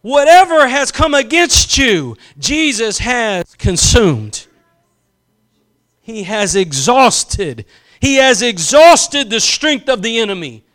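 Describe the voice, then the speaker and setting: High-voiced, impassioned male preacher. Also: sing-song. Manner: impassioned, swings between slow emphatic build-ups and soft asides. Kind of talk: sermon.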